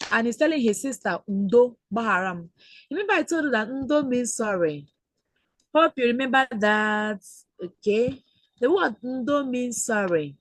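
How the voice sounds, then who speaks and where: A woman leads a children's webinar lesson, her voice fairly high and recorded dry and close. She repeats each Igbo word slowly and drills it patiently. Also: fairly bright tone, dry recording, low-quality recording. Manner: slow, repetitive teaching with drawn-out Igbo phrases. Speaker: Igbo language teacher. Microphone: computer mic on a video call.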